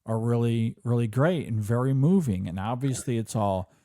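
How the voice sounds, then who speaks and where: Mellow-voiced man, rambling and enthusiastic. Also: medium pitch, normal speed, no room sound, clean studio sound. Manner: rambling and enthusiastic, with many restarts. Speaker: film podcast co-host. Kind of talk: casual chat.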